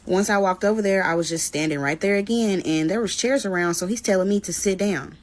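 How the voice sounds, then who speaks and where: A woman sits and tells her followers a personal story time. She talks in a casual, blunt way and swears freely as she goes. Her voice sits in a middle pitch. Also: brisk. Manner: blunt, animated retelling with swearing. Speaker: storyteller vlogger.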